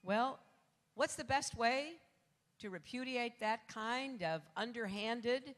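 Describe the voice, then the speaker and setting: A woman's voice: a little high, slow. Older woman rousing a rally crowd. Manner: rousing, rising to shouts on key lines. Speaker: political candidate. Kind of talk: campaign rally speech. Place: large rally venue. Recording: long echo of a large hall.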